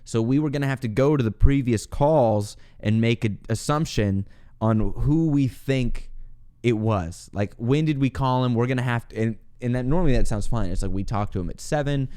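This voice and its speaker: A young man hosts his own podcast and tells a rambling personal story. His voice is smooth and resonant at an ordinary middle pitch. He keeps the tale lively, laughing between lines and acting out his own panicked remarks from that night. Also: normal speed. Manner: animated, laughs often, acts out his own past lines. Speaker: podcast host. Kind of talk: casual storytelling monologue.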